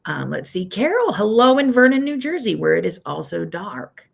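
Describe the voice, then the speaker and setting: At a moderate pace, a woman speaks in a medium-pitched, very animated voice with vocal fry and a husky quality. She's a Pittsburgh, USA quilting teacher with a Pittsburgh accent hosting her weekly livestream, rambling casually, saying "um" a lot and greeting viewers by name.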